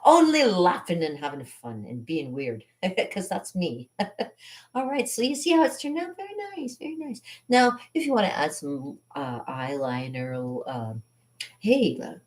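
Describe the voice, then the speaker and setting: A woman's voice: low voice, big pitch swings, measured pace. A woman vlogging casually while doing her makeup, rambling and laughing often in a playful way. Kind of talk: casual makeup vlog chat.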